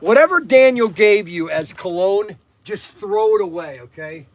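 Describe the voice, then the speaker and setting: Middle-aged guy from southern ohio hosting a stream, high voice, bouncy and all over the place, rambles and laughs a lot. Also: normal speed. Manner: rambling and animated, laughs often. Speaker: livestream host. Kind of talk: casual livestream chat.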